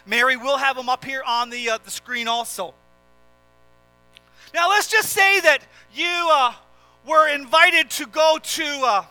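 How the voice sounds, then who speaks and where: A man with a very high, very bright voice preaches a sermon. He tells the story vividly and with animation, and the sound is close and dry. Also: no echo. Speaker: pastor.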